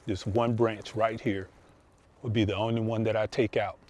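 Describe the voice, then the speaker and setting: A man's voice: on the low side, level tone, normal speed, a little mellow. A man hosting a gardening video, explaining things in a folksy, casual way while walking through his outdoor garden. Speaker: gardening channel host.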